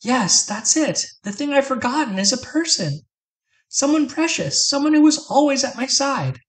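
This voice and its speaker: An actress voicing a formal, gentle and polite young woman in a video game, speaking in courteous phrasing. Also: high-pitched, big pitch swings, normal speed. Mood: yearning.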